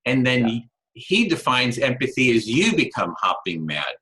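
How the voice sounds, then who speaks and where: A man hosting a conversational interview, talking in a halting way with many restarts and fillers. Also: medium pitch, very animated, pushed and bright, rough recording. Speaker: interview host.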